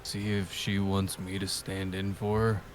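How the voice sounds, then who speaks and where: Man, low voice, laid-back tabletop player. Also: level tone, unhurried. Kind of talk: casual tabletop chat.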